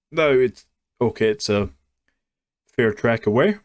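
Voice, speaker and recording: A man ranting through a sarcastic, mocking review at an unhurried pace. His voice sits at a middle pitch. The recording is dry and close. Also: animated, darkish tone, no echo. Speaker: YouTube reviewer.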